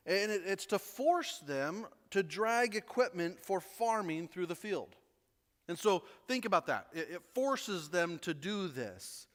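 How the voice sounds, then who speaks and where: A man preaching a sermon as pastor, animated, often repeating words and asking the congregation questions. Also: sits high, big-room sound. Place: church sanctuary.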